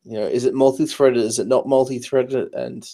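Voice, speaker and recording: A man's voice: mid-range voice, fairly even intonation, a little fast, warm tone. A tired man, up late at night, explaining programming choices in casual chat, hesitant with many fillers. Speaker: programmer giving advice.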